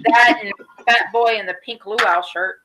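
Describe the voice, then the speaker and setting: A woman's voice: fairly high pitch, steady tone, measured pace, bright, forceful tone, rough recording. A woman on a casual online chat, blunt and teasing.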